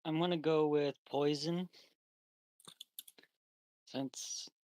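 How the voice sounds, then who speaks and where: Slow, hesitant man at a tabletop game. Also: a little high, fairly even intonation, darkish tone, no echo, low-quality recording. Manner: hesitant, lots of ums and uhs. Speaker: player. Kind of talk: casual tabletop game chat.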